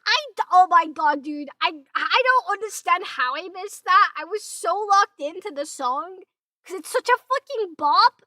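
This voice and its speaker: Brief: young English streamer girl, squeaky-high and sharp, brash, curses a lot, dry close mic. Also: unhurried, no room sound. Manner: loud, excitable, swears often, laughs a lot. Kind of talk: reaction stream chat.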